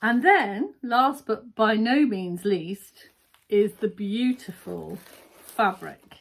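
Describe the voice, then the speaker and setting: A woman's voice: medium pitch, lively intonation, takes it slowly, creaky. A woman chatting casually through an unboxing at home, gushing about each item with frequent ums. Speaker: sewing vlogger. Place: home sewing room.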